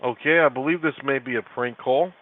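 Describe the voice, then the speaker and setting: A man's voice: medium pitch, fairly quick, a crowd in the background. A man working as a call center agent, politely answering a caller and calling him sir. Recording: tinny phone line.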